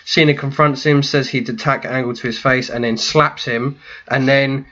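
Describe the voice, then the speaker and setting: A man, a podcast co-host, calmly recapping events from his notes in casual chat. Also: mid-range voice, moderate pace, highs cut off. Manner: calm, dry summarizing.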